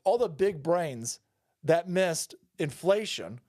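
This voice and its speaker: A man ranting in fast, profane political commentary to his live chat, combative and laughing at his own asides. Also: fairly high pitch, animated, darkish tone. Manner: talks fast.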